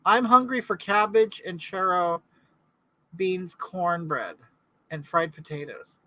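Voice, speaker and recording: Middle-aged woman hosting a live chat, rambling and chatty, crisp bright tone, dry close sound. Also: fairly low pitch, slow pace, no echo, rough recording. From California. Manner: rambling, reads out viewer comments and answers them. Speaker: livestream host.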